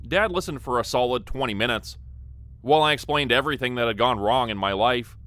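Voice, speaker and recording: Man narrating a scary story, bright voice. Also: medium pitch, brisk. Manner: earnest, first-person storytelling. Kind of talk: scripted horror story narration.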